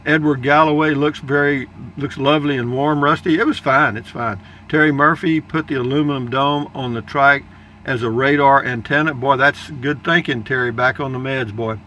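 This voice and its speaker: An older man from Texas in the United States reads viewer comments aloud in a casual chat, folksy and rambling, with chuckling asides. His voice is medium-pitched and fairly even in intonation, with a sharp tone at normal speed over slight background noise.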